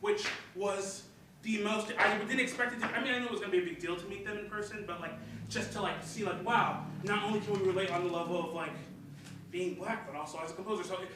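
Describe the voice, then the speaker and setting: A man's voice: high-pitched, steady tone, fast talker. A young man from Michigan, a composer, talking in a rambling, casual way full of fillers. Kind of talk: casual chat. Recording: echoey distant noisy room mic.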